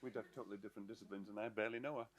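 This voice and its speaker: A man's voice: fairly low pitch, steady tone, racing. A man taking part as a volunteer in an improv game, giving modest, short answers. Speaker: workshop volunteer.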